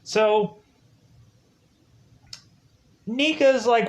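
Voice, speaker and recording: A man's voice: fairly high pitch, animated, measured pace. A man reviewing a video game, recapping its story in a rambling, casual way full of "like" fillers. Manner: rambling, heavy use of "like" fillers.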